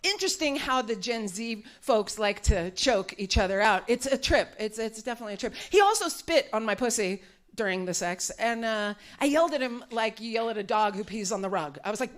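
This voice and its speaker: Brash, bawdy woman with a highish voice. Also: expressive, moderate pace, a bit bright. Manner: brash and bawdy, laughing at her own jokes. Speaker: stand-up comedian. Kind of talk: live stand-up set. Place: small studio venue set up in a warehouse.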